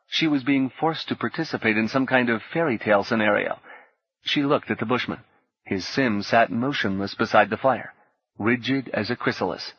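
Husky guy reading an audiobook, steady pace, dry muffled recording. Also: lowish voice, no echo. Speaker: audiobook narrator. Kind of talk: scripted narration.

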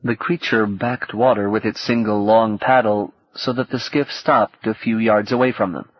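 A man narrating an audiobook in a calm, steady reading manner. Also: fairly low pitch, moderate pace, no room sound. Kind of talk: scripted narration. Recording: dull, dry cassette audiobook.

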